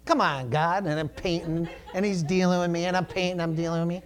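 Middle-aged male pastor, relaxed storytelling preacher, voice a touch high. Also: fairly quick, hardly any pauses. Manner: conversational storytelling preaching with asides. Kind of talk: sermon.

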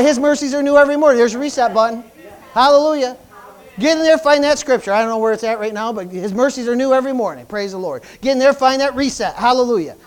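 A man preaching a fervent sermon in church, repeating himself and punctuating lines with hallelujah and praise the Lord. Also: extremely high pitch. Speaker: pastor.

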